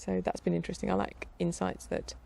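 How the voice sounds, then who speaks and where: A middle-aged woman chatting casually in a rambling, warm-hearted way, with fillers and light laughter. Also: on the low side, sing-song, brisk, vocal fry. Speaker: vlogger. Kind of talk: casual chat.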